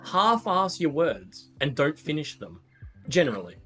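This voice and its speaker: A man's voice: on the high side, very animated, unhurried, sharp tone, slightly rough. Brief: easygoing Australian male co-host who rambles with fillers, faint music underneath. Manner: laid-back and rambling, with fillers and swearing. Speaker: podcast co-host. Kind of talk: casual podcast chat.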